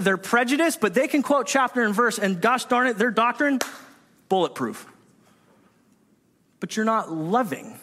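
A man preaching a sermon in an animated storytelling manner, acting out the voices of people in his anecdotes. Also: sits high. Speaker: pastor. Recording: echoey hall reverb.

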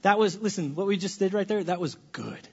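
Male pastor, high voice, dynamic sermon delivery, church sanctuary, dull lo-fi sound. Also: a little fast, breathy edge. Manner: dynamic preacher, swings from hushed to loud and playful.

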